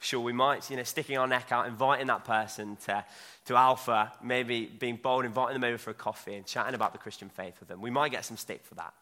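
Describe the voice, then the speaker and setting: Speaking quickly at a medium pitch, this young man has a pushed, bright sound as he delivers a chatty sermon. He pokes fun at himself along the way, and the church hall adds a long reverb.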